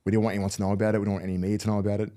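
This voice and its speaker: Speaking rapid-fire with a fairly low, mellow voice and a flat delivery, this middle-aged man is a retired rugby league player guesting on a podcast. His stories come out candid and rambling, full of restarts, in a casual interview.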